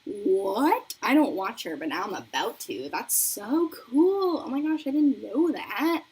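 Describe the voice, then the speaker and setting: A woman's voice: a little high, big pitch swings, unhurried, a little mellow, breathy edge, poor audio. A young woman chatting casually on a makeup livestream, bubbly and talkative as she reads viewer comments. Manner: chatty and bubbly, reading chat aloud. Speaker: beauty livestream host. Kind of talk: casual livestream chat while doing makeup.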